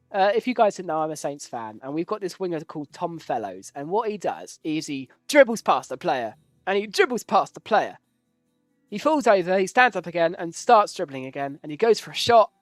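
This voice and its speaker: A man's voice: on the high side, no room sound. Guy streaming a strategy game, rambly and jokey, swears a bit, voice bounces all over, dry close mic, faint music under it. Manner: rambling, jokey, self-deprecating; casual swearing. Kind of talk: casual live gameplay commentary.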